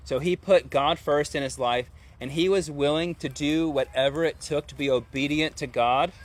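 A man preaching a sermon in a conversational way, often asking his listeners rhetorical questions. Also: mid-range voice.

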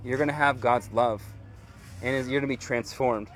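A man's voice: mid-range voice, fairly even intonation, normal speed, slight background noise. A man preaching a sermon as pastor, earnest and conversational, with casual slang.

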